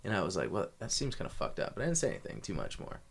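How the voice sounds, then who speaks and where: A man's voice: sits low, wildly swooping pitch, very fast, vocal fry, slightly rough. A young man telling a long story as a podcast guest, rambling with many restarts. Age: young adult. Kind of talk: casual storytelling.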